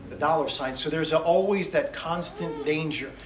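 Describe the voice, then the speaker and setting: A man's voice: fairly high pitch, normal speed, reverberant, crowd noise. A man preaching a sermon as a missionary, telling stories and acting out quotes. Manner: animated, acts out quotes.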